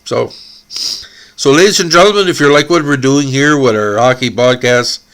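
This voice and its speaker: A man from Canada hosting a hockey podcast, emotional and tearful, halting and repeating words as he speaks. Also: mid-range voice, a bit bright. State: crying.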